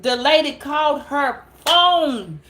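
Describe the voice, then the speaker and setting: A woman telling a story casually to camera, animated and laughing, repeating words as she goes. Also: sits high, slow pace, slight background noise. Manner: animated, laughing, repeats words, calls listeners girl and child. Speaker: tarot reader.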